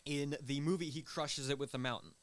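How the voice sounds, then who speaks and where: A man's voice: on the high side, steady tone, a little fast. A young man who is a guest on a radio show, explaining in a rambling, casual way full of fillers. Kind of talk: casual chat. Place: radio studio.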